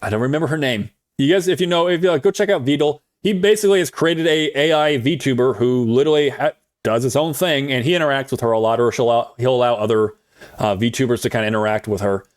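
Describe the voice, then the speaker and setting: A man streaming, chatting casually in a rambling way with lots of fillers and quick chuckles. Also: mid-range voice, dry recording, clean studio sound. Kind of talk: casual chat.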